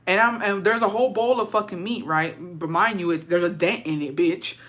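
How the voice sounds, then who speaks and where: A woman's voice: medium pitch, steady tone, a little fast, a bit bright. A young adult woman telling a story in a casual, profane rant, slipping in Spanish words. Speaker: storyteller on a livestream.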